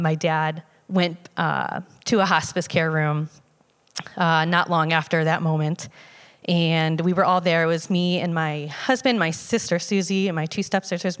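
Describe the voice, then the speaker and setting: Lower-voiced woman telling a personal story. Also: long reverb tail. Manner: conversational with many fillers and restarts. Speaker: storyteller sharing a personal testimony. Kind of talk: casual spoken personal story.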